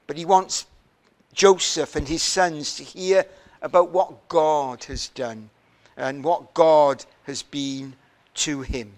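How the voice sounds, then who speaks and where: A man preaching a sermon in a deliberate, emphatic way, often asking rhetorical questions. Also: on the high side.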